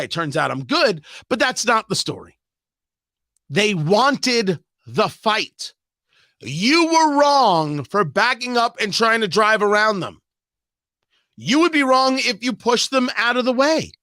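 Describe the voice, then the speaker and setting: A man's voice: high voice, pushed and bright, no room sound. A man hosting a radio talk show, delivering an emphatic, sarcastic political monologue full of rhetorical questions and repetition, on a close studio microphone.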